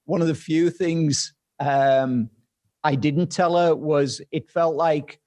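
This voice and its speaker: A man with a British accent, the guest and founder of a company, answering in a measured way with frequent pauses. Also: a little high, fairly even intonation, mellow. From Britain. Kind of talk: casual interview talk.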